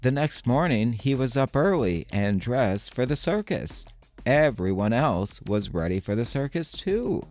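A man reading a children's storybook aloud, slow and expressive, signing off warmly as host. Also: medium pitch, faint music behind.

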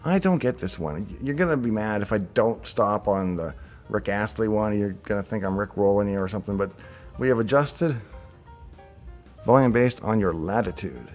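A man's voice: fairly low pitch, animated, moderate pace, a little mellow, soft background music. A middle-aged man hosting a show, casually thinking aloud as he reacts to on-screen designs with chatty asides. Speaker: show host reviewing software designs.

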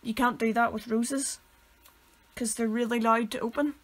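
A young Northern Irish woman co-hosts a relaxed podcast, rambling through stories and correcting herself along the way. Her voice sits fairly high for a woman. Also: normal speed. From Northern Ireland. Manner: rambling, self-correcting storyteller. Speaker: podcast co-host. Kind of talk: casual chat.

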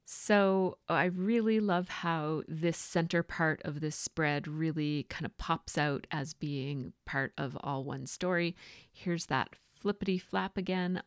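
Low-voiced chatty woman narrating crafts. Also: no echo, studio quality. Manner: chatty and rambling, with frequent fillers. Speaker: scrapbooking vlogger. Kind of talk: casual voice-over narration of a craft process.

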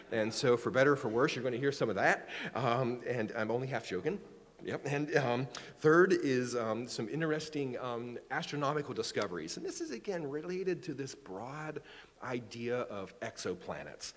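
A man's voice: mid-range voice, expressive, normal speed, long reverb tail. A man in his forties giving a public astronomy lecture, chatty and joking about himself, often restarting his sentences. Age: 40s. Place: lecture room.

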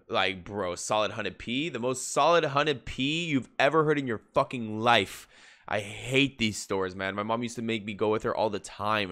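Male reaction host with a bright, forward tone, casual and profane, and prone to sudden excited bursts. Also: on the low side. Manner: loose, profane, slangy chatter with sudden excited jumps. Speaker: anime reaction channel host.

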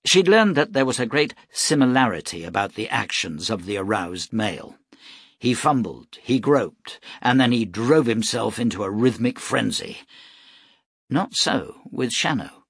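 A man narrating an audiobook in a steady, even storytelling manner. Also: fairly low pitch, husky, no echo, studio quality. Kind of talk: scripted narration.

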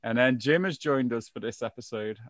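A man hosting a podcast, talking in a relaxed, jokey way. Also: medium pitch, fairly quick, dry recording. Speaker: podcast host. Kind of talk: casual chat.

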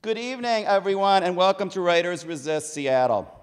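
A man hosting a public reading, welcoming the audience in a measured, declamatory way. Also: high-pitched, clean tone. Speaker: host opening a public reading. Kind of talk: dramatic recitation of quotations, then a welcome address. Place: large public hall, on stage. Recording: long hall reverb from a stage mic.

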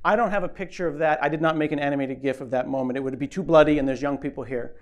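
A man giving a comic conference keynote on stage, animated and joking, acting out little voices as he tells stories. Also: fairly high pitch, rapid-fire. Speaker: keynote speaker. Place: conference stage before an audience.

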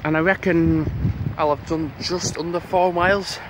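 A man vlogs on his phone while walking through snowy town streets, chatting and rambling and swearing whenever he gets annoyed. His voice is on the high side, fairly even in intonation and at normal speed, while the phone picks up loud traffic and street noise.

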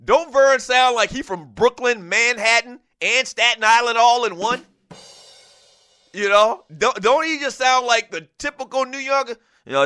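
A man hosting a casual sports talk show, animated, often laughing and reading listener messages aloud. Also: sits high, moderate pace, clean tone, dry recording, clean studio sound.

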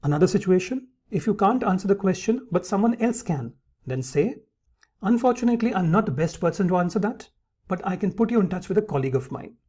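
A man's voice: high-pitched, lively intonation, fast talker, mellow, breathy edge. A man teaching English phrases in an instructional lesson, calling his viewers friends and reading example sentences aloud.

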